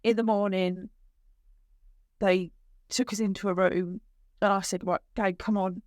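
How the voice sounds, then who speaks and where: A middle-aged woman, a guest on a podcast, telling her story emotionally, with halting restarts. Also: medium pitch, steady tone, a little mellow, no room sound, clean studio sound. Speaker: guest, bereaved mother. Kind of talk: podcast conversation.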